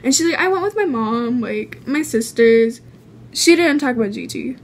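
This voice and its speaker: Rambling high-voiced young woman vlogger. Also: lively intonation, moderate pace. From California. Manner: rambling, filler-heavy, swears freely. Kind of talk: casual storytime vlog.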